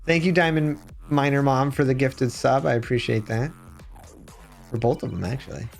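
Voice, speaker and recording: A man streaming live, chatting casually with his viewers and telling rambling, animated stories. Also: mid-range voice, normal speed, creaky, soft background music. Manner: rambling, animated storytelling with chat shout-outs.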